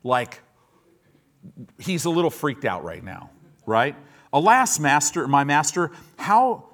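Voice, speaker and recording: A male pastor preaches in a lively, sing-song way, his voice rising and falling widely. He speaks slowly and deliberately, with a slightly higher-than-usual pitch. He reads scripture and breaks it up with playful asides. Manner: animated preaching with humorous asides; reads scripture aloud and explains it. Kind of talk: sermon.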